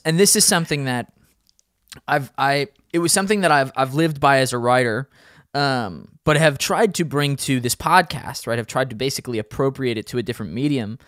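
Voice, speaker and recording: A man's voice: medium pitch, normal speed, fairly bright tone, dry recording, studio quality. A man hosting a podcast, talking in an earnest, reflective way and counting off his points. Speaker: podcast host. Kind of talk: casual podcast chat.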